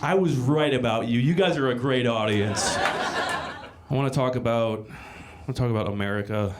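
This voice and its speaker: A man performs a rambling, crude stand-up set on a club stage, often restarting and swearing. His voice is medium-pitched at normal speed, and the live club recording is very noisy, with audience laughter.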